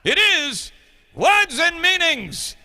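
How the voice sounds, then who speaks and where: A man's voice: extremely high pitch, big pitch swings, slow pace, bright, forceful tone, long reverb tail, voice pushed up, exaggerated voice. A man voicing a stern English schoolteacher lecturing his class, in a put-on English accent and a theatrical, schoolmasterly manner.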